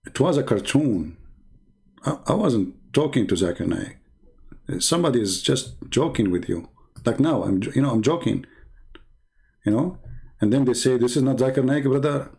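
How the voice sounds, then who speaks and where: A man's voice: mid-range voice, sing-song, unhurried, long pauses, darkish tone. Sarcastic man rambling with fillers. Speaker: host of a call-in debate show. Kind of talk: casual mocking monologue.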